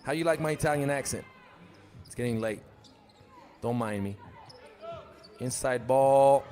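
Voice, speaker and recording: A man's voice: mid-range voice, measured pace, darkish tone, faint music behind. A man doing live play-by-play commentary for a basketball tournament, joking and chatting between calls. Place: arena at a live 3x3 tournament.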